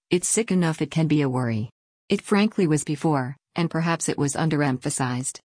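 Low-voiced woman reading a news article. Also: a little mellow, no room sound, studio quality. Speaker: article reader. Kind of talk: read-aloud news article.

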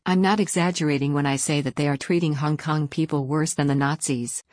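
A woman narrating a scripted news report in an even, formal read-out manner. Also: deep voice, fairly quick, no echo, clean studio sound.

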